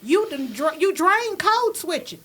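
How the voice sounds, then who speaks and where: A woman guest on a podcast, a broadcaster, telling stories in a casual, lively and emphatic way. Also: very high voice, a little slow. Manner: lively, animated, often drops into acted-out quoted voices; emphatic, repeats words for emphasis. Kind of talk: casual conversational storytelling.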